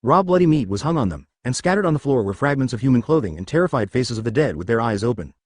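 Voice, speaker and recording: A man reading a story aloud in scripted audiobook narration, keeping one even voice even for the quoted speech. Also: mid-range voice, fast, no echo, studio quality. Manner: even reading of every line, quoted speech read in the same voice.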